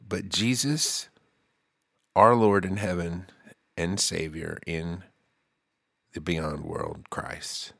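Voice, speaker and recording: Male podcast host, slow comic rambler, very animated pitch, prone to a put-on country drawl. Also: no echo, studio quality. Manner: jokey, goofy asides, slips into an exaggerated country drawl. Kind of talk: comedic rambling monologue.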